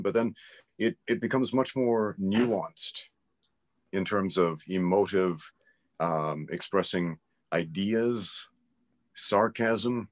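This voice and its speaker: A man in a casual interview conversation, explaining his views emphatically and with strong opinions. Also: low-pitched.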